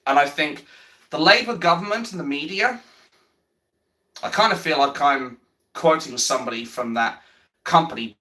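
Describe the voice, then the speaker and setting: Brash, animated man ranting. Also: medium pitch. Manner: blunt, heavy swearing, repeats himself; reads and answers viewer chat. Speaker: livestreamer. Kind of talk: ranting political livestream commentary.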